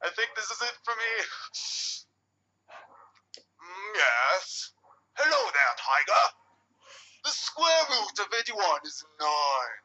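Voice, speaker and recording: A man's voice: sits high, big pitch swings, takes it slowly, pauses often, sharp tone, voice pushed up, exaggerated voice. A man voicing a terrified primitive man who answers in a polite English accent. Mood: scared, prim. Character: terrified primitive man doing a British lecturer impression. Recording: dull lo-fi recording.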